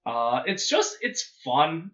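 A man's voice: fairly high pitch, very animated, slow pace, fairly bright tone. A man co-hosting a podcast, chatting casually and hesitantly with stammered restarts. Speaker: podcast co-host. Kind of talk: casual chat. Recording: dull lo-fi sound.

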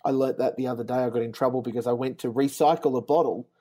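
A man interviewing a guest in a relaxed chat, asking curious, easygoing questions. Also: medium pitch, fast.

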